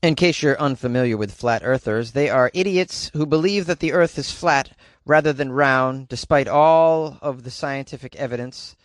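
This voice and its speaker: A man's voice: medium pitch, moderate pace, no room sound. A man hosting comedic news commentary, reading stories and adding wry, joking asides in a chatty manner. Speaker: host.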